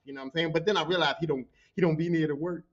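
A man hosting a podcast, telling work stories in a profane, animated way and acting out what people said. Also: fairly high pitch, rapid-fire, muffled recording. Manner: profane, animated, acts out quotes. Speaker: podcast host. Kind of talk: storytelling.

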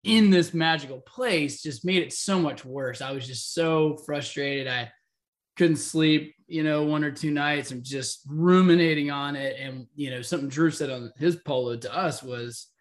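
A man's voice: on the high side, normal speed. A man co-hosting a podcast, telling stories in casual chat and acting out quoted lines with laughter. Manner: animated storyteller, acts out quotes with laughs. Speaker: podcast co-host.

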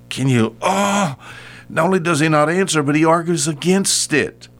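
A man's voice: fairly high pitch, moderate pace. Folksy older man giving a Bible talk. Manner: homespun and animated, acts out Bible voices. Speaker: radio Bible teacher.

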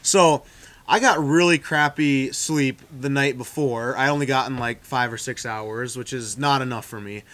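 A man's voice: mid-range voice, normal speed, fairly bright tone, no room sound. A young man co-hosting a podcast, telling stories among friends and acting out what people said. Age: young adult. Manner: storytelling, acting out quotes. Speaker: podcast co-host. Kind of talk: casual chat among friends.

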